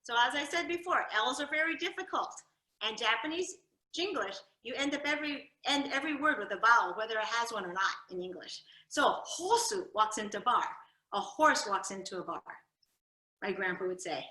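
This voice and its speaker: A woman telling her family's history at a library talk, lively and animated, acting out her grandfather's jokes. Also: fairly high pitch, a little fast. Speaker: storyteller giving a library talk. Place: library event room. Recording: echoey room.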